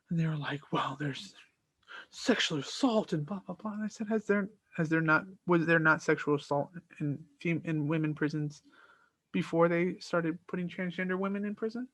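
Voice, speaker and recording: A man hosting his own podcast, telling the story of an argument in a casual, animated and exasperated way, acting out both sides of the dialogue. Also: a little high, dry recording. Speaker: podcast host.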